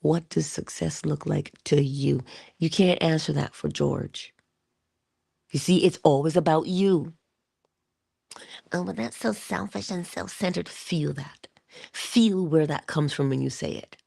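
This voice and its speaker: Gravelly woman doing a motivational talk, slow and deliberate, whispers for emphasis, dry sound. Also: sits low, steady tone, no echo. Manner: addresses listeners directly and warmly. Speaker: motivational speaker. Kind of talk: inspirational monologue.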